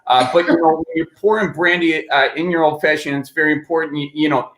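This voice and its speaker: A man's voice: a little high, fairly even intonation, fast, fairly bright tone, roomy sound. A man chatting and joking on a video call from home, rambling playfully. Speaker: guest. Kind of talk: joking casual chat.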